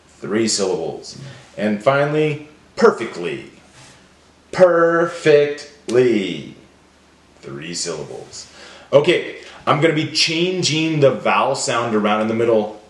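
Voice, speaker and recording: A man leading a phonemic awareness drill for children, stretching each word out slowly and clearly. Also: on the high side, echoey room. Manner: slow, drawn-out, deliberate enunciation. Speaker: teacher.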